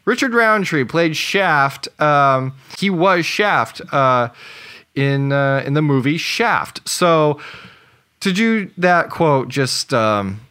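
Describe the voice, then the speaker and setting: Male podcast co-host, dry and amused, bright tone, unhurried. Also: a little high, lively intonation, clear, resonant tone. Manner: dry, amused, reading out quotes. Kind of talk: casual movie podcast chat.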